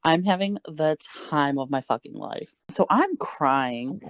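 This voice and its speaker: A woman's voice: deep voice, measured pace, no room sound. A young woman co-hosting a podcast, telling a story in casual chat, swearing freely and laughing as she goes. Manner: animated, profane, laughing as she tells it. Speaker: podcast co-host.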